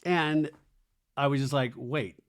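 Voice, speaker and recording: Male podcast host, mid-pitch, gossipy recap delivery with quick put-on voices. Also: clean tone. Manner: chatty, mimics cast members in high mocking voices. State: hiccups. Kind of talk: casual recap commentary.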